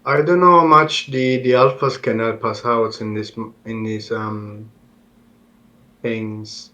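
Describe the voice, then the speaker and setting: A man playing a tabletop game who speaks haltingly, with many ums and uhs. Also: lowish voice, fairly even intonation, sharp tone, poor audio. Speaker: player. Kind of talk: in-character tabletop play.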